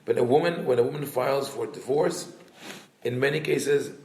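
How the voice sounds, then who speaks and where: A man's voice: medium pitch, reverberant. A man, a rabbi, teaching a class on a Talmudic story, thinking aloud with restarts and acting out the quotes in livelier voices. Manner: retells quotes in lively voices, reads Hebrew quickly.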